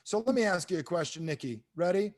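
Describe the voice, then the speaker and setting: A man giving a motivational business talk on a training call, asking the audience questions and swinging between booming and hushed delivery. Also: quick pace. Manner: animated, asks the audience questions. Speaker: speaker at an online training call.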